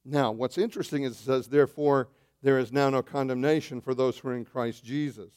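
A man preaching a sermon as pastor, animated, swinging between loud bursts and hushed asides, calling his listeners saints. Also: medium pitch, a little fast. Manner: addresses listeners as saints, asks questions.

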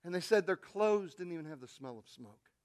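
A male pastor preaching a sermon, telling a story and swinging from quiet, intimate asides to loud, shouted peaks. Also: sits high, animated, a little fast, clear, resonant tone.

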